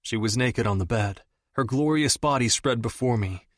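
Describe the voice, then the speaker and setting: A man reading a romance audiobook in the first person, measured and even. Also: medium pitch, no room sound, clean studio sound. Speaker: audiobook narrator.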